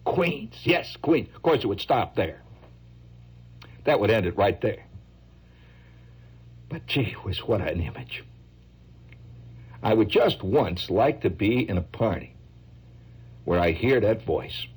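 Husky New radio host musing. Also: male voice, fairly low pitch, takes it slowly, pauses often. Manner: lively, musing, slips into mock voices. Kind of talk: rambling on-air monologue.

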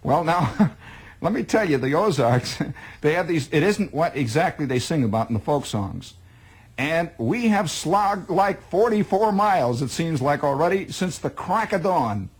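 A man's voice: a little high, lively intonation, measured pace, husky. A man telling a spoken monologue in a wry, exaggerating manner. He stacks up details and often repeats words as he goes. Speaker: storyteller.

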